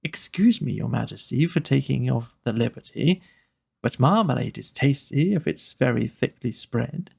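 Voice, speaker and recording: A man's voice: mid-range voice, animated, moderate pace, vocal fry, darkish tone, breathy edge, full character voice. A man voicing a timid, deferential young dairymaid.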